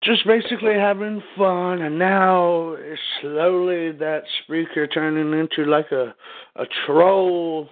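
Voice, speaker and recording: A man chatting casually as a guest co-host, agreeable and slow-spoken. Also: on the high side, steady tone. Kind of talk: casual chat. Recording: tinny phone line.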